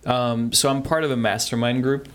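A man's voice: mid-range voice, steady tone, moderate pace. A man, a home inspector, talking as a guest in a radio interview in an easygoing, plainspoken way. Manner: easygoing, plainspoken, brief replies.

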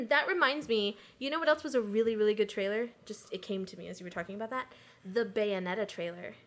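A young woman co-hosting a casual chat, enthusiastic and laughing often, sometimes trailing off softly. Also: mid-range voice, fast. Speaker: podcast co-host.

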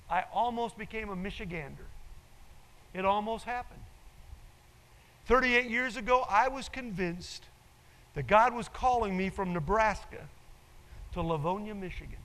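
An older male pastor with a high voice preaches emphatically, driving home his points by repeating them. His sermon rings out with a long reverb in a large church hall. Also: sharp tone. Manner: emphatic, repeats key phrases.

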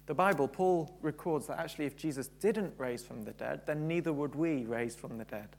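A man's voice: fairly high pitch, normal speed, creaky. A man preaching a sermon, building to fervent emphasis and repeating key phrases.

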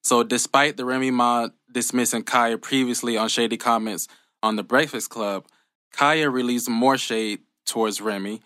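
A man co-hosting a casual gossip chat, relaxed, chatty and profane. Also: medium pitch, normal speed, no echo, clean studio sound. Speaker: podcast co-host.

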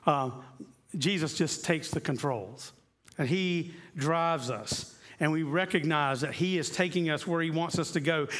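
Earnest pastor with a higher male voice. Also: fairly bright tone. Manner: earnest, repeats key phrases and slows down for emphasis. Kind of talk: sermon.

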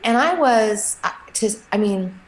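A middle-aged woman, a guest in an interview, telling a personal story in a halting, emotional way with many restarts. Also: medium pitch, lively intonation, rough recording.

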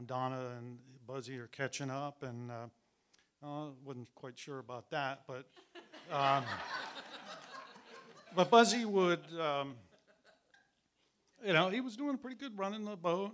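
Bright, chatty man telling a story. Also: medium pitch. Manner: chatty, laughing as he tells it, acts out the voices.

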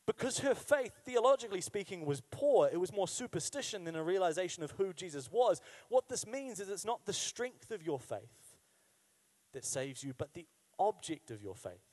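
Pastor, male, high voice, chatty sermon delivery, leans on repetition. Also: big pitch swings, normal speed, darkish tone. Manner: conversational, engages listeners with questions; emphatic repetition.

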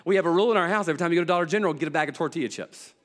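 Brief: a fairly high-voiced pastor, folksy and funny, moving from animated storytelling to quiet, low emphasis, recorded with a long reverb tail. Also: male voice, racing. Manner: swings from loud excited storytelling to low hushed emphasis; folksy, humorous, colloquial. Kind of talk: sermon with storytelling.

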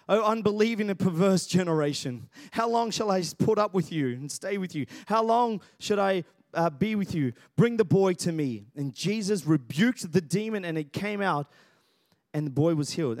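A man's voice: high-pitched, dry recording, clean studio sound. A man preaching a sermon, energetically acting out voices and calling out to the congregation. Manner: lively preacher, acts out Bible voices, calls on the congregation. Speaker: pastor.

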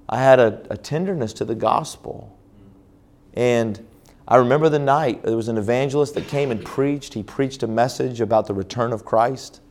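A man's voice: mid-range voice, moderate pace, darkish tone. A man preaching as a pastor at a church conference, telling a personal story with frequent restarts and fillers. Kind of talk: sermon testimony.

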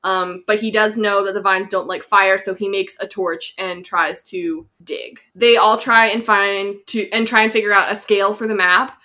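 Bright-voiced chatty young woman. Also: mid-range voice, fairly even intonation, moderate pace, hardly any pauses. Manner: chatty, lots of "like" and "um". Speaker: podcast co-host. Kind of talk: casual chat recapping a show.

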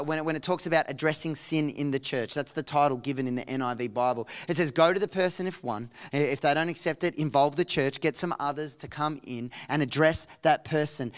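A man preaching a sermon as pastor, expressive, dropping soft and low then rising to emphatic points. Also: smooth.

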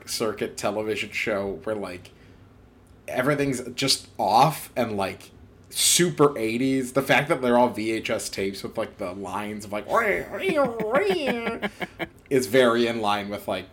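A man co-hosting a casual podcast, talking about a film in a loose, chatty way and acting out quotes from it. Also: mid-range voice. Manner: chatty, lots of "like", acts out quotes. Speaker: podcast co-host.

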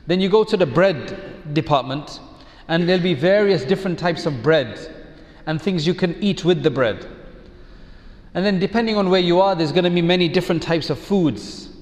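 A man giving a measured, reflective sermon as an Islamic preacher, using rhetorical questions. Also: sits high, a little mellow, long reverb tail.

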